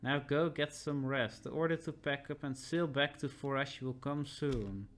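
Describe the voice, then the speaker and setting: A man voicing a stern, burdened army captain in a video game, speaking in a measured, grave and authoritative way. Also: mid-range voice, close to an everyday voice.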